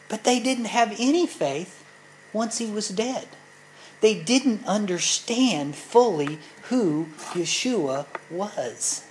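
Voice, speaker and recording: A woman's voice: mid-range voice, lively intonation, takes it slowly, darkish tone, slight background noise, low-quality recording. A woman teaching a sermon in an earnest, explanatory way, speaking directly to her listeners. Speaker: Bible teacher.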